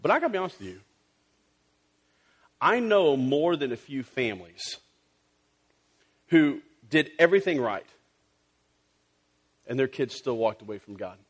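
A man preaching a sermon as a pastor to his church, telling a story in a conversational, animated way, with fillers and asides. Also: mid-range voice, a little slow, long pauses, slightly rough. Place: church service.

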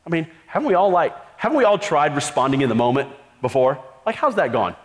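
A man's voice: on the high side, sing-song, fast. A man preaching a sermon in a casual, conversational way, full of rhetorical questions and "like" fillers. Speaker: pastor. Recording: long hall reverb.

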